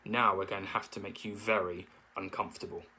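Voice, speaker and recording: A man's voice: deep voice, level tone, brisk, pushed and bright, husky, full character voice. A man voicing a bossy, sarcastic young female bear who turns menacing.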